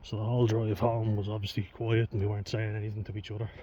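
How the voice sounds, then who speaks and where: Young man, low voice, frank and sweary. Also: level tone, fast, mellow. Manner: rambling, sweary and frank, with nervous laughs. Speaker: vlogger. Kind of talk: candid confessional vlog talk. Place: outdoors in the countryside among farm animals. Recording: dull outdoor recording with background noise.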